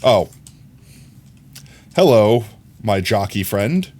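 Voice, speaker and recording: A man's voice: fairly low pitch, very animated, drawn-out words, a little mellow. A man streaming a game, chatting casually and telling a long rambling story with many fillers. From New York. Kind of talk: casual chat while gaming.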